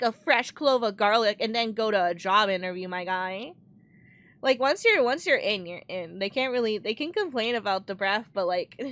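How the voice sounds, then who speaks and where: A woman's voice: a little high, fairly bright tone. Rambling young woman streamer, laughing often. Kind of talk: casual chat while livestreaming a game.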